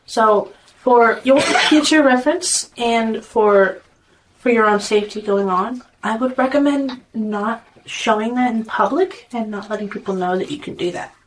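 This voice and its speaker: A woman playing a tabletop game, speaking gently and explaining patiently in character. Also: a little high, unhurried, a little hiss or hum, poor audio. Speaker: player.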